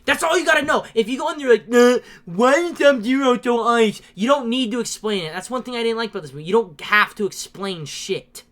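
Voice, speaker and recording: A podcast host in casual movie-review chat, ranting and swearing with plenty of excitement and frequent laughter. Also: medium pitch, quick pace, hardly any pauses. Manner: laughs often while talking.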